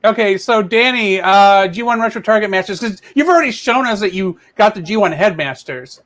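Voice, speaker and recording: A man's voice: high-pitched, animated, fairly quick, fairly bright tone. A man hosting a livestream panel over a video call, steadily moderating and passing the turn to each guest. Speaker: panel host.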